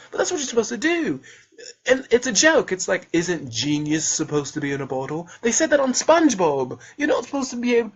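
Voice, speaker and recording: Boastful rambling young man, husky voice. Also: high voice, muffled recording. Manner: boastful, rambling, jokey, often slips into put-on voices. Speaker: self-published author promoting his book. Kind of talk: rambling self-promotional monologue.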